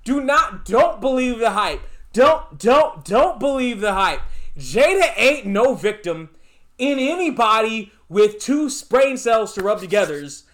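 Male vlogger with a very high, animated voice; emphatic, repetitive commentary. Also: a little slow. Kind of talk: casual commentary vlog.

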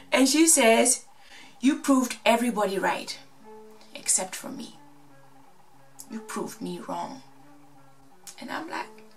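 A woman from Ghana casually recapping a reality show, sassy and animated, acting out the quotes. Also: medium pitch, distant mic.

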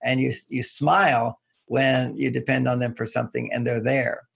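A man with a deeply gravelly, husky voice talks through his ideas as an interview guest. He teaches through everyday stories and chuckles often along the way. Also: level tone, normal speed, a bit bright. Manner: anecdotal, instructive, chuckling. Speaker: relationship author and guest. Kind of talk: relaxed interview talk.

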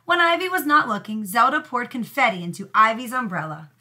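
A woman teacher reading a storybook aloud to young pupils with expressive storytelling. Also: fairly high pitch, a little fast.

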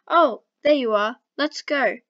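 A woman's voice: high-pitched, unhurried, dry recording. A woman voicing a laid-back cartoon cat boy who talks casually, in a dull lo-fi home recording.

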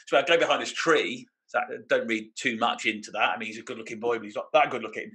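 Quick chatty british guy, bright forceful voice, tells army stories with laughs. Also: mid-range voice, steady tone, rough recording. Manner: storytelling with laughs and mimicry. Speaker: podcast co-host. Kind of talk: casual anecdotal chat.

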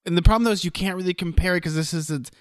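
A man's voice: sits high, rapid-fire, no room sound, clean studio sound. Young man co-hosting a casual chat. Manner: rambling, restarts, acts out lines. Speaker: podcast co-host.

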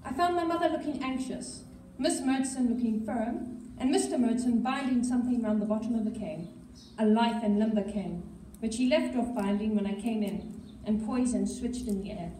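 A woman reading a novel aloud at a school assembly, steady with an occasional slip. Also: fairly high pitch, normal speed, few pauses, slight background noise. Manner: steady storytelling with occasional slips. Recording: echoey hall, mic far off.

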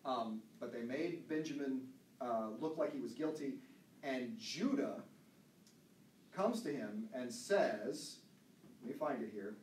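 A man's voice: mid-range voice, expressive, slow pace, a little mellow, a little hiss or hum. Man teaching from a distant mic. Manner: loose and chatty, with fillers and asides, chuckling. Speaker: Bible study teacher. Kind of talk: casual teaching talk, reading scripture aloud. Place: church room. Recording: roomy echo, voice off-mic, faint ambience.

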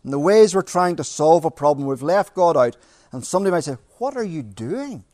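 A man's voice: fairly high pitch, fast talker, a little mellow, no echo, clean studio sound. A middle-aged man preaching a sermon in a church, earnest, repeating phrases and asking rhetorical questions. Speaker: pastor.

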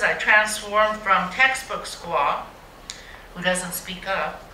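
A poet reads her work live in a museum gallery, her fairly low voice slow and sharp, laced with wry, mocking dry humor. The mic sits at a distance in a roomy hall, with slight background noise.

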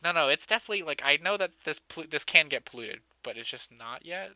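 Building a city in a game, a young man keeps up a casual let's-play commentary full of sarcastic jokes, self-mockery, and frequent laughter. He talks quickly in a sharp, high-leaning voice with lively intonation, and there's no echo.

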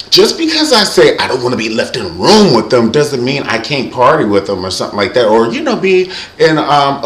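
Man, host, comic celebrity chat, campy, lively pitch, echoey room. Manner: animated, campy, mimics people. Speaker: show host.

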